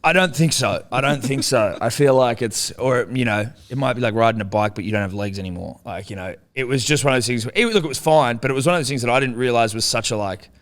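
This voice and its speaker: Speaking fast with few pauses in a mid-range voice, a young man on a casual podcast swears freely. As co-host, he tells a story with lots of animation and acted-out quotes.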